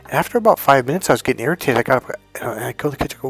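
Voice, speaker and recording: A man coaching on dating tells a story from his own life in a lively, talkative way. His pitch sits mid-range, and he leaps up high whenever he quotes his girlfriend. Faint music runs under his voice. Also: racing, hardly any pauses, husky. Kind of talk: storytelling monologue.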